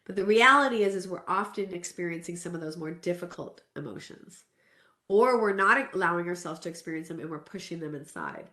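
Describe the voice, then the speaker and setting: A fairly low-pitched woman in her forties from Southern California speaks briskly and animatedly, her voice pushed and bright. Giving a self-care talk, she shares a personal story candidly and earnestly, conversational with restarts, amid roomy echo.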